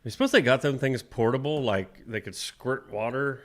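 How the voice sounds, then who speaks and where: A man's voice: medium pitch, moderate pace. A man co-hosting a morning show, joking around and reading ads and the weather. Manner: joking, laughs often, rambling.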